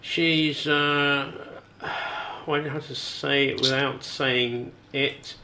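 A man's voice: mid-range voice, fairly even intonation, slow pace, a loud crowd. A man co-hosting a radio show, chatting playfully in a rambling way full of fillers and hesitations. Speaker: radio co-host. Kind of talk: casual on-air chat.

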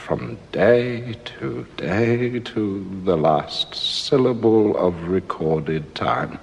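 Worn-out doomed king, deep voice, dragging every word out, big echoey reverb. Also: creaky, darkish tone, exaggerated voice. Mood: despairing. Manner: slow, grave theatrical recitation. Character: weary despairing Scottish king, middle-aged man.

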